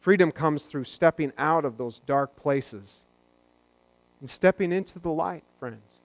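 A pastor delivers his sermon in a fairly high, casual, conversational voice and drops in playful jokes along the way. He is a man, recorded dry and close with no room sound. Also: measured pace, no echo. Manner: conversational, joking asides.

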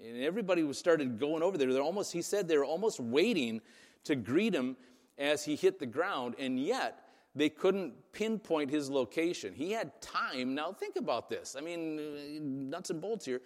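A man's voice: on the high side, animated, normal speed, darkish tone, in a large hall. A man preaching a sermon in a casual, conversational way, often asking "right?" to his listeners. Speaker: pastor.

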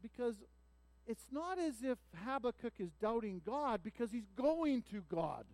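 High-voiced guy preaching, earnest, gets loud and pleading on the quotes, dry sound. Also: big pitch swings, unhurried, dry recording. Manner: earnest preaching that swells when voicing a prophet's cries. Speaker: pastor. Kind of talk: sermon.

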